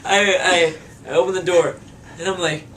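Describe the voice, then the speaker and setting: A young man who plays in a band tells a long, profane story casually in an interview, laughing as he goes. His high-pitched voice has fairly even intonation and a normal speed, recorded on a distant mic with faint room noise.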